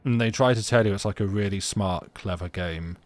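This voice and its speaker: A man streaming a story game, chatting sarcastically in a halting, rambling way and reading game text aloud. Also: fairly low pitch, dry recording. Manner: rambling, halting, full of restarts, sarcastic jokes.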